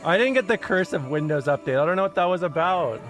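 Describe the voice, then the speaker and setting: A woman's voice: lowish voice, expressive, fast, soft background music. A woman streamer in casual livestream chat from a home setup, rambling, swearing and interrupting herself with frequent laughs.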